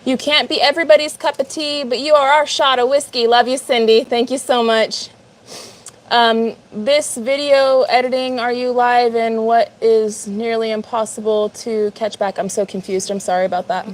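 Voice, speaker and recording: A woman's voice: a little high, fairly even intonation, normal speed. A woman in her fifties hosting a casual livestream, chatting upbeat with viewers by name as she works. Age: 50s. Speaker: livestream host. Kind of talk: casual live chat while working.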